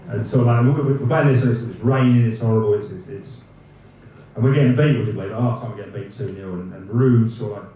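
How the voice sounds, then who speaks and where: A man in his fifties, once a footballer, tells rambling anecdotes at a live evening event, laughing, swearing freely and restarting sentences. His voice is lowish and warm, picked up by a distant mic in a roomy, echoing space with faint ambience and slight background noise.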